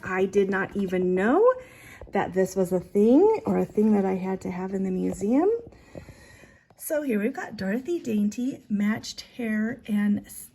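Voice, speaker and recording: A woman showing off items from her collection in a casual, excited chat that trails off and restarts. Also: medium pitch, gravelly, a little hiss or hum. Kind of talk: casual show-and-tell.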